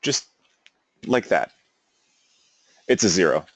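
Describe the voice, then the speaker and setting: A man's voice: sits low, very animated, slow pace, slightly rough, no room sound. A male teacher giving a casual classroom lecture, wandering into amused side stories. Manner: casual, rambling, self-amused asides.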